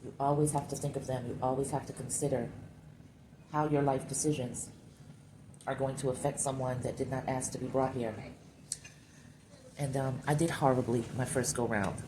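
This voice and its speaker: A woman's voice: very deep voice, moderate pace, long pauses. A woman sculpting clay while she talks candidly and reflectively to her viewers, calling them y'all. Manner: candid and reflective, musing aloud. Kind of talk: casual talk while sculpting. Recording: steady background noise.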